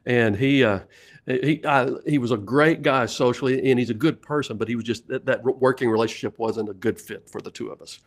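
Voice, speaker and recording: A middle-aged man with a Southern US accent tells sales stories in a relaxed interview. He laughs often and restarts his sentences as he talks. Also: mid-range voice, brisk. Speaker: sales leadership coach and guest. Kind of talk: casual storytelling interview.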